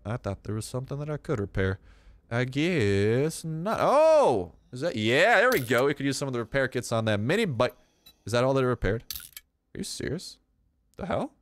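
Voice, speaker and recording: A young man rambling through casual gameplay commentary, goofy and self-mocking, with sudden excited outbursts. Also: mid-range voice, no echo. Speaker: gaming YouTuber.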